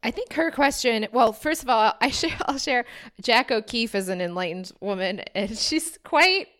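A woman's voice: a little high, animated, normal speed, a bit bright. A woman hosting a podcast, chatty and informal, laughing easily in casual conversation. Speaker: podcast host.

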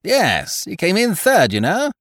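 Brief: male reader doing an excitable young gent, high and swooping, in a dry storybook reading. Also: measured pace, dry recording, exaggerated voice. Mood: jovial. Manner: bright, eager exclamations, flustered outbursts. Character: excitable young gentleman, flustered and jovial.

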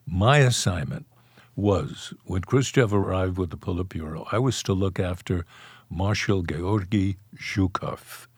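A man's voice: sits low, unhurried, slightly rough, no room sound. An older man, a guest author in a podcast interview, telling wry stories from his past and chuckling now and then. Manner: anecdotal, wry, chuckles while recalling.

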